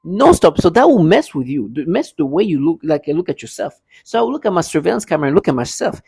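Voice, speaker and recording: A man's voice: on the high side, big pitch swings, quick pace, gravelly, a little mellow, slightly rough, no room sound, poor audio. A man talking to his viewers in a casual monologue, insistent, often repeating words and restarting. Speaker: vlogger addressing his viewers. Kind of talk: casual spoken monologue to camera.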